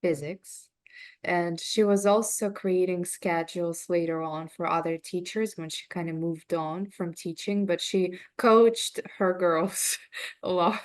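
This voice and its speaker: A woman's voice: on the low side, steady tone, a little slow. A woman client in a reading, talking casually and openly about her family and home. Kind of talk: casual chat.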